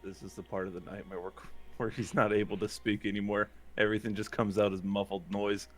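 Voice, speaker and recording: A man playing in a tabletop game who swears freely and loudly protests what happens to his character. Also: fairly low pitch, little pitch movement, fairly quick, slight background noise. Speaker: player.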